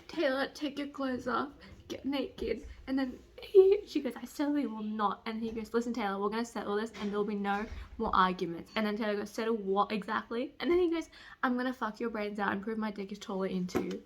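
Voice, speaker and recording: A young woman chatting casually in a reading vlog, gushing and excitable, breaking into squeals as she retells a romance novel. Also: a little high, normal speed, a little hiss or hum. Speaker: book vlogger. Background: construction voices.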